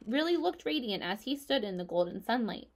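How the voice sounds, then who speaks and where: A woman reading a children's book aloud in a steady, even storybook manner. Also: on the high side, a little fast.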